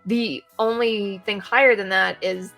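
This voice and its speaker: A woman's voice: mid-range voice, steady tone, a little slow, creaky, fairly bright tone, faint music behind. A young woman, a streamer and cosplayer, chatting on a video call and telling rambling stories with lots of giggles. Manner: bubbly, giggly, rambling storyteller. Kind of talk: casual chat.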